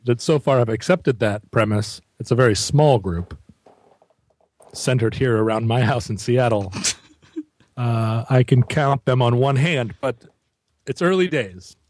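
A man who is a musician, speaking as a podcast guest in a wry, rambling way with deadpan jokes. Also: mid-range voice, a little slow, no room sound. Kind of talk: casual podcast chat.

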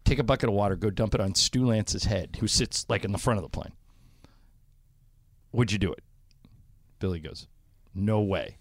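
A man's voice: on the low side, moderate pace, pauses often, dry recording, clean studio sound. A man hosting a radio show, telling stories in casual banter, laughing often and acting out what people said. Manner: animated storyteller, laughs often, acts out quotes.

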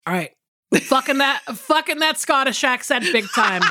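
A woman's voice: a little high, expressive, normal speed, background noise. A woman co-hosting a podcast, talking casually and rambling with lots of fillers and restarts. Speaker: podcast co-host. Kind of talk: casual chat.

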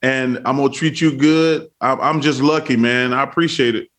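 A man's voice: medium pitch, moderate pace. An older man spins a profane bar story with real gusto, acting out the voices of the people in it. He talks casually, like a guest trading tales with friends. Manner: profane, animated anecdote telling with acted quotes.

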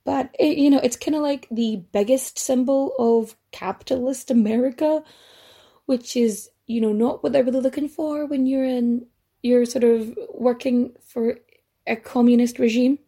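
A woman's voice: a little high, steady tone, normal speed, mellow, breathy edge. A woman hosting a history podcast, telling the story in a chatty, rambling way with casual swearing and asides. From Ireland. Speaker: podcast host.

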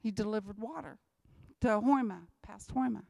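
A woman's voice: mid-range voice, moderate pace, creaky, dark tone, no echo. A woman speaking as a missionary, telling church testimony stories in a repetitive, emphatic way.

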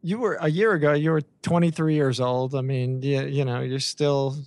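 A man's voice: mid-range voice, steady tone, normal speed, darkish tone, no room sound. A man hosting a podcast interview in casual chat, teasing his guest and often restarting his sentences. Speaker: podcast host.

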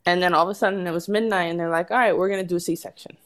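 A woman's voice: fairly low pitch, very fast. A woman guest telling a long story in casual podcast chat, laughing often and acting out what people said. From United States. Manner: animated, laughs often, acts out quotes.

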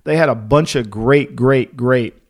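A middle-aged man co-hosting a casual sports talk show, telling lively anecdotes and acting out the people in them. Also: medium pitch, unhurried. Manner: animated anecdote-teller, acting out quoted voices. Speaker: podcast co-host, former NFL executive. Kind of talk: casual storytelling chat.

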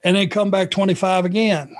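A middle-aged man from Georgia, a former wrestler telling road stories in a relaxed, anecdotal way. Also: high-pitched, a little fast. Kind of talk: podcast storytelling.

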